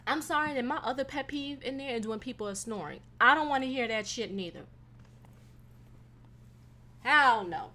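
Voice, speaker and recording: A young woman rants on her own podcast, swearing freely and breaking into sudden loud bursts. Her voice sits fairly high and rings bright and forceful. She talks in a loose, animated, casual way. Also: moderate pace, long pauses. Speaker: podcast host. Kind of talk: casual solo podcast rant.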